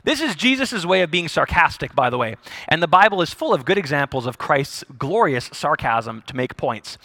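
A male pastor preaching a sermon, telling the story in an animated way with jokes and acted-out voices. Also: fairly high pitch, normal speed, no room sound, studio quality.

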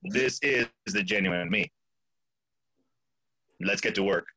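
A man speaking as a podcast guest, telling a story in an animated way, acting out quoted voices and laughing often. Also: lowish voice, slow pace, a little hiss or hum, rough recording. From Florida.

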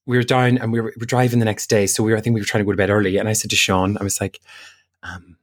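An Irish man, a podcast co-host, telling an animated personal story, acting out what others said and laughing as he goes. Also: fairly low pitch, racing. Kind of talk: casual chat, personal storytelling.

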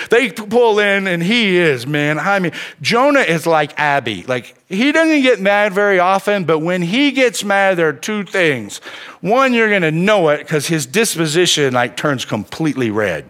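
A middle-aged man, a pastor, giving a sermon as animated storytelling, often dropping "man" into his sentences. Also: sits high, moderate pace.

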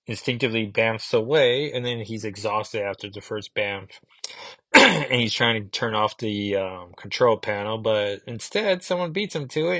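A man's voice: on the low side, a bit bright, dry recording. A man in his thirties chatting casually in a rambling way, reviewing comic books, with frequent fillers.

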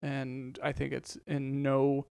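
Very gravelly man explaining casually. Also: medium pitch, completely flat delivery, takes it slowly, dark tone, no room sound. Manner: explains at length with many ums and you-knows. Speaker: podcast co-host. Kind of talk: casual chat.

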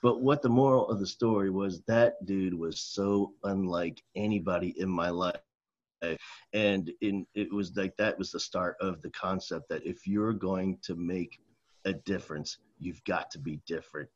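A man from New Jersey, an educator, telling stories in a casual conversation, animated and repeating words, often saying man and dude. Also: deep voice, moderate pace, muffled recording. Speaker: educator, guest.

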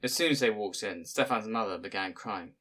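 A man with a lowish voice reads an audiobook in a measured, plain manner, letting the story unfold steadily. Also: pushed and bright. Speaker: narrator. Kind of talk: audiobook narration.

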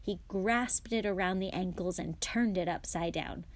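A woman, a guest reader, reading a chapter book aloud with steady, clear storytelling. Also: fairly low pitch, unhurried.

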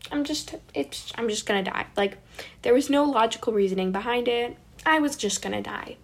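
A woman telling a personal story in a dramatic, animated and self-mocking way. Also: fairly high pitch, moderate pace. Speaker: vlogger.

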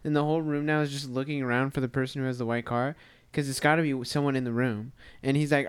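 Smooth-voiced young guy rambling a story. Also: mid-range voice, fairly even intonation, fast talker, few pauses. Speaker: podcast co-host. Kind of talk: casual chat.

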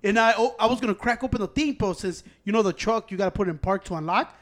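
A man, co-hosting a podcast, telling profane heated stories that break into loud shouts. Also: high voice, quick pace. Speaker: podcast co-host. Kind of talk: casual chat, storytelling.

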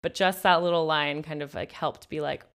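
Low, smooth-voiced woman chatting. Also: normal speed. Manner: chatty, animated, many "like" fillers and laughs. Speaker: podcast co-host. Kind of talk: casual book-and-film discussion.

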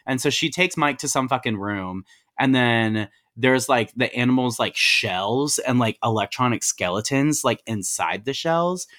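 A man in a loose, laid-back recap of a film, heavy on slang and swearing, quoting each character as he goes. His voice sits at an ordinary middle pitch, recorded on a home mic over a call. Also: animated, measured pace, fairly bright tone. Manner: slangy, profane, retells scenes in quoted voices. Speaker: podcast co-host. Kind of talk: casual movie recap.

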